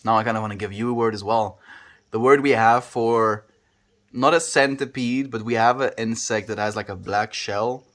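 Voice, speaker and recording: A man's voice: lowish voice, normal speed. Easygoing South African man chatting. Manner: relaxed, chatty, plays with word sounds. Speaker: livestreamer. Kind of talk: casual chat with viewers. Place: home.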